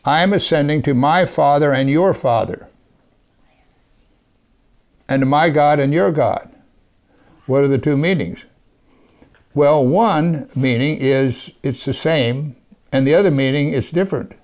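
A man preaching a sermon, reading scripture aloud and talking to his congregation with earnest emphasis, sometimes dropping to a hush. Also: on the high side, measured pace, long pauses. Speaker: pastor.

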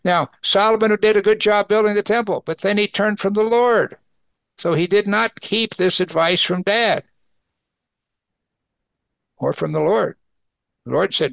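With a high-pitched voice, vocal fry, and frequent pauses at normal speed, this pastor works through a Bible passage verse by verse. He reads each part aloud, then adds warm, exclaiming remarks, and the recording has no room sound.

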